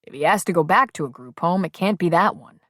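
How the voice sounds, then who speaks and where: Woman doing easygoing joking dad, relaxed, friendly, dry studio sound. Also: on the low side, quick pace, no room sound. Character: friendly, easygoing married man, a new father.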